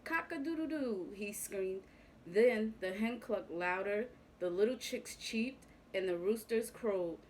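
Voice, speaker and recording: A woman reading a picture book aloud to young children. She takes it very slowly and tells it with a gentle, expressive touch, at a middle pitch. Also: slight background noise, poor audio.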